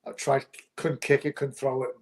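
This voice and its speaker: A man's voice: medium pitch, completely flat delivery, moderate pace. A man in a casual chat, mostly chiming in with short agreeing replies.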